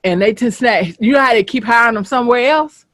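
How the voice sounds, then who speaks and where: A host from the American South, chatting casually, telling stories bluntly and swearing freely. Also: female voice, on the high side, quick pace, slight background noise. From Southern United States. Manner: animated, blunt, swears freely, asks "you get what I'm saying". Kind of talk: casual storytelling chat. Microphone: streaming setup.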